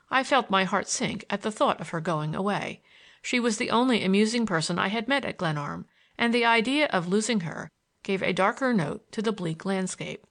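Expressive woman audiobook narrator. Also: medium pitch, normal speed. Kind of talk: scripted narration.

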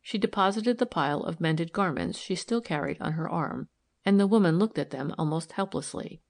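A woman narrating a novel aloud in a calm, even storytelling manner. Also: lowish voice, moderate pace, creaky. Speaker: audiobook narrator.

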